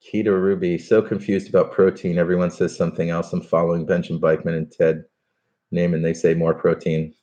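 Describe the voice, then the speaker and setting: A man's voice: low voice, flat delivery, brisk, mellow, highs cut off. A man hosting a live stream, chatting casually and reading out viewer comments, with plenty of fillers and restarts. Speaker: podcast host doing a live stream.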